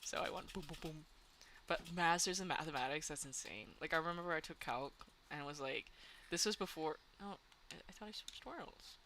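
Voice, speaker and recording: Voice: mid-range voice, brisk, pushed and bright, a little hiss or hum. A young adult streamer from Canada chatting casually while gaming, giggling often and filling talk with "like". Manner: chatty, giggly, many "like" fillers.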